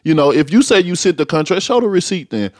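Emphatic boxer, dry sound. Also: male voice, on the high side, sing-song, fast talker, no echo. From Tuscaloosa, Alabama, US. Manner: emphatic, repeats key phrases. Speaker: boxing champion guest. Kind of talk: podcast interview.

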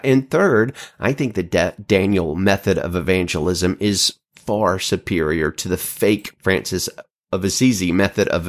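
A man giving an enthusiastic devotional Bible teaching, emphatic, with wry asides. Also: lowish voice.

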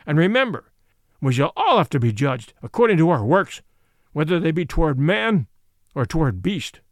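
A man's voice: a little high, sing-song, normal speed, no room sound, clean studio sound. A man voicing a stern country squire.

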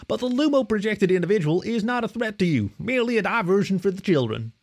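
A man's voice: sits high, expressive, fast, voice pushed up. A man voicing a dignified ship's captain who has been turned into a kitten, speaking with formal, courteous wording.

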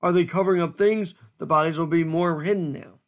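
A man giving an earnest, stern solo commentary as a podcast host, speaking deliberately with pauses. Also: a little high, fairly even intonation.

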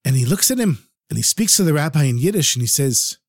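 Man, storyteller, dramatic and lively, slightly high voice, dry close recording. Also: quick pace, no echo. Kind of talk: spoken story narration.

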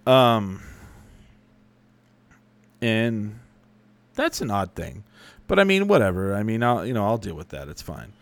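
A man's voice: fairly low pitch, very animated, a little slow, long pauses, no room sound. A young adult man chatting casually as a podcast host, answering listener questions with rambling, profane, self-correcting stories. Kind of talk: casual chat.

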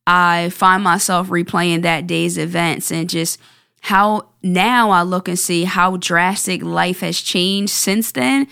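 A woman in her twenties hosting a solo podcast, talking earnestly and reflectively, with halting restarts and repeated words. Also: on the low side, creaky, fairly bright tone, clear, resonant tone, no echo, studio quality. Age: 20s. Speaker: podcast host.

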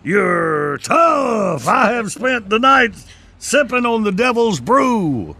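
A man's voice: high-pitched, sing-song, takes it slowly, creaky, bright, forceful tone, dry recording, raised voice, heavily acted. A man voicing a drunken, disheveled Irish man in a put-on Irish accent, stammering and slurring sheepishly.

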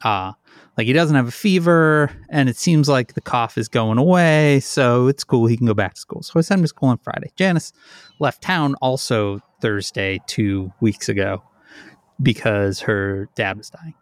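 A man's voice: mid-range voice, moderate pace, no echo, studio quality. A middle-aged man co-hosting a podcast, telling a rambling, self-deprecating story in casual chat, a little out of breath. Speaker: podcast co-host.

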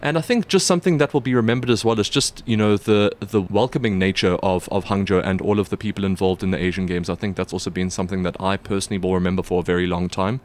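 A chatty, animated man with a slightly low-pitched voice, talking sports with colleagues in an easygoing podcast chat. He keeps stopping and restarting his sentences and filling the gaps with ums. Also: fast talker, hardly any pauses. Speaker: sports reporter co-hosting a podcast. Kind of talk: casual chat.

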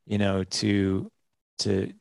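A low, gravelly man talks earnestly as a guest on a faith-based podcast, a little emotional and reflective, often repeating his words. The sound is dry and close. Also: completely flat delivery, very slow, no echo.

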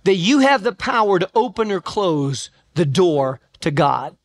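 A preacher delivering a sermon emphatically, asking the listeners questions and slowing down for scripture. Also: medium pitch, big pitch swings. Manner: emphatic, asks questions of the congregation; slows right down for quoted scripture.

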